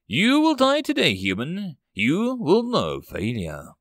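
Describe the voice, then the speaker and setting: A man's voice becomes a giant alien war titan, deep-voiced and contemptuous. Each line rises and falls widely. The sound is dry and close. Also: wildly swooping pitch, slow pace, fairly bright tone, no room sound, full character voice. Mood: mocking. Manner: mocking, contemptuous. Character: huge menacing male alien titan soldier.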